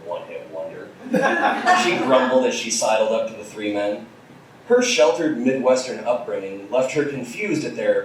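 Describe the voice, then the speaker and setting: Man on stage, dry crude storyteller, mid pitch, heard from afar in an echoey theater. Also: a little hiss or hum. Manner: deadpan storyteller with crude asides. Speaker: comedy reader. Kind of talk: comic live reading of fan fiction. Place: small theater with audience. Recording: distant, echoey live theater recording.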